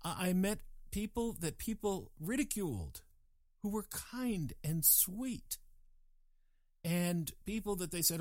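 A man musing in a casual monologue, digressive and animated, with chuckling asides. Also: a little high, normal speed, dry recording.

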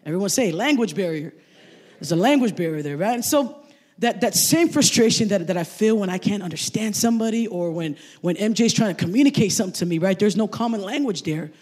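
A man's voice: high voice, brisk. A man in his thirties preaching a sermon to a congregation in a casual, conversational way. He keeps tagging "right?" onto his points and gets the crowd to repeat phrases back to him. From Samoan family background. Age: 30s. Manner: animated storyteller, asks the crowd to repeat phrases. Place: church service in front of a congregation.

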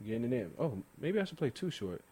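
Animated young man, casual sports chat. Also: mid-range voice, fast talker, husky. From Sacramento. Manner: animated, laughing, restarts often. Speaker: podcast co-host.

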